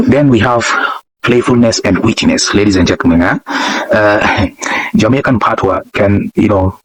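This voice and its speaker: A man hosting a casual reaction video. He talks in rhetorical bursts, repeats himself, chuckles between points and keeps addressing "ladies and gentlemen". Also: on the low side, moderate pace, rough recording.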